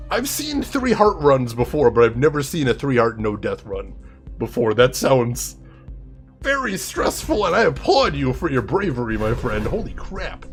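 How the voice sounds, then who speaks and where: A young man doing playful, chatty commentary on a live game stream, greeting viewers by name. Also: on the high side. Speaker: livestreamer. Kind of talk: casual game livestream commentary.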